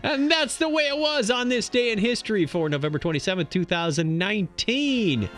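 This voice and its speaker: A man co-hosting a podcast, reading this-day-in-history items in a joking, animated way. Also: sits high, soft background music. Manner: animated, joking, quick to laugh. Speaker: podcast co-host.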